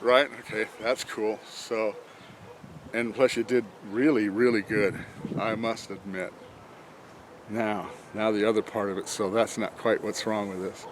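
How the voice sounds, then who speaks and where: A man with a low, relaxed voice rambles through a casual vlog outdoors, chuckling and talking half to himself as he looks over his truck. Faint outdoor noise sits behind him on a simple camera mic. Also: a little slow. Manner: rambling, chuckling, talks to himself while working. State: out of breath from bending over. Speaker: vlogger reviewing a truck job.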